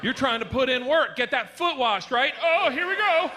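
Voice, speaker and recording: A male stand-up comic on a club stage, loud and animated, laughing through his own lines. His voice runs high and leaps all over the place. The recording is a noisy live club take. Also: normal speed. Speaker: stand-up comedian. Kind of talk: stand-up comedy set.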